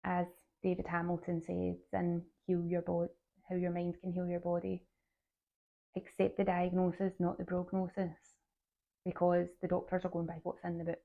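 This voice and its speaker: Gravelly-voiced woman podcaster, phone-tinny. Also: on the low side, completely flat delivery, normal speed. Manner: earnest, encouraging, direct to listeners. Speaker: podcast host and health coach. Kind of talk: solo podcast talk.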